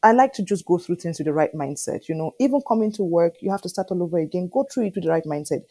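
Animated woman telling her story. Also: on the low side, quick pace. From Nigeria. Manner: animated storyteller, often asking "do you understand?". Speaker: interview guest. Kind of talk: conversational interview.

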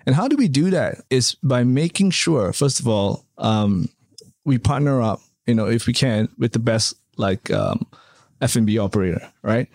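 A man's voice: medium pitch, animated, moderate pace, a little mellow, no echo. Chatty man with a dry close sound. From Canada. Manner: chatty, rambling, many fillers and tag questions. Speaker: interview guest, hotel developer. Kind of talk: casual interview talk.

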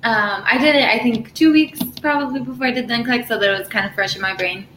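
Young woman, nurse guest, casual podcast chat, filler-heavy, rather high voice, bright tone, echoey room. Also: fast, slight background noise. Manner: chatty, filler-heavy, animated storytelling. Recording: roomy echo.

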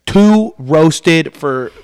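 A young man hosting a casual chat, hesitant and often pausing on "um" before going on. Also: a little high, lively intonation, a little mellow, smooth, no echo, studio quality. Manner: hesitant, full of "um" and trailing restarts. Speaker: podcast host.

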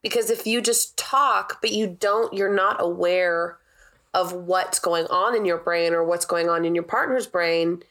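Woman podcast co-host, lower voice; attentive, short affirmations. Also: measured pace, a bit bright. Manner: attentive listener, brief affirmations. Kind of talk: casual chat.

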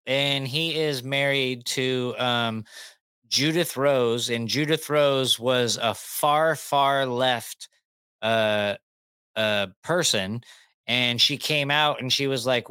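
A man's voice: mid-range voice, slow, bright, forceful tone, smooth, no echo. A man hosting a casual podcast chat, blunt and heated, swearing freely.

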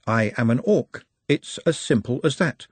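A man doing a calm, formal young orc smith. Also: medium pitch, husky, no room sound. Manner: quiet, polite and measured.

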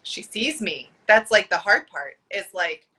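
A woman's voice: mid-range voice, expressive, measured pace, pushed and bright. A woman podcast host talking with a guest, searching for words with lots of fillers. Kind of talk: conversational interview.

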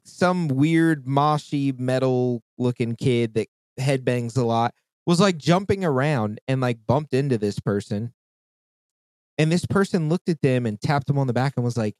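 A man's voice: mid-range voice, a little mellow, no echo. A man in his thirties, hosting a podcast in casual chat and telling a story in a heated, profane rant. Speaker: podcast host.

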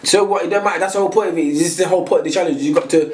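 A man's voice: on the high side, racing, over a noisy crowd. A young man co-hosting a podcast, pushing and teasing his friends with laughter. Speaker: podcast co-host. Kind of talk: casual group banter. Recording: roomy with background noise.

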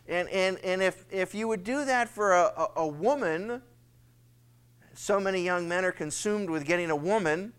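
A male pastor teaching a Bible study in a conversational, animated way, acting out a father's pleading. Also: high voice, normal speed, clear, resonant tone.

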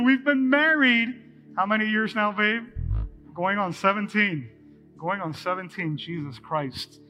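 A man's voice: high voice, unhurried, pushed and bright, soft background music. A man preaching a live sermon as pastor, talking energetically and directly to his congregation in a church.

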